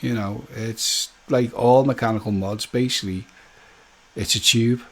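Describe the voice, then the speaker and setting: A man hosts a relaxed live stream, bantering with his viewers and calling them by name. He laughs easily and keeps a friendly, jokey tone. His voice sits at an ordinary middle pitch. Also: a little slow.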